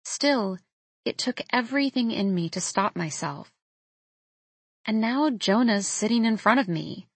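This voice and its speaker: A young woman narrating a novel in the first person, in a reflective, intimate, measured way. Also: fairly high pitch, expressive, husky, no echo. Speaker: audiobook narrator.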